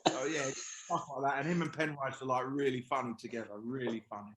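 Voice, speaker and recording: A middle-aged man, chatting as a podcast guest about his old teammates. He rambles through anecdotes, restarts his sentences and slips into quoted asides. His voice carries a roomy echo, sitting at an ordinary pitch for a man. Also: steady tone, a little fast, noisy background. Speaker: podcast guest, former professional footballer. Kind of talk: casual chat, storytelling.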